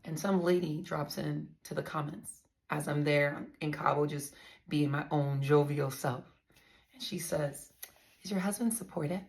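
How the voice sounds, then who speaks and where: A woman's voice: deep voice, level tone, a little slow, gravelly. A woman vlogger candidly telling her own story to her viewers, blunt and profane, often calling them y'all.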